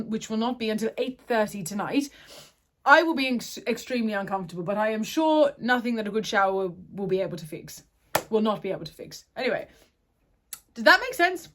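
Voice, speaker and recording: A woman's voice: on the high side, a bit bright. A woman chatting casually to her phone camera at home, rambling and correcting herself as she goes. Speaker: vlogger. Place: at home, indoors.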